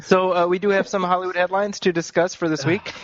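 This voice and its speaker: A man's voice: high-pitched, little pitch movement, fast talker, dry recording. Rambling, self-amused man on a podcast. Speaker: podcast host. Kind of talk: casual chat. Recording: dry, dull lo-fi sound.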